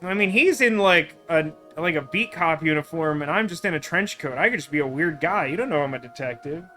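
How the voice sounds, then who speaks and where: A man's voice: on the high side, animated, brisk, bright, forceful tone, soft background music. A man hosting a let's play, chatting casually and rambling with lots of fillers while he plays. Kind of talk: casual gameplay commentary.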